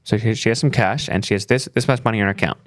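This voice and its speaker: A man's voice: on the low side, rapid-fire. A middle-aged man co-hosting a parenting podcast, telling a family story in casual chat and acting out the quoted lines. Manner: animated storyteller, acts out quoted voices. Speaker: podcast co-host.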